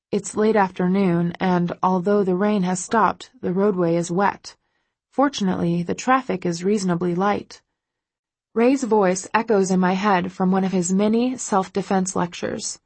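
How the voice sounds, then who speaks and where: A woman's voice: mid-range voice, slightly rough, no room sound. A woman narrating a first-person audiobook, a breathless inner monologue with sudden exclamations.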